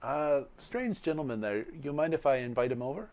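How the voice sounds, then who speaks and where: A man voicing a gentle rodeo clown who stammers and hesitates. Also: mid-range voice, very animated, a little fast, close to an everyday voice. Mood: earnest.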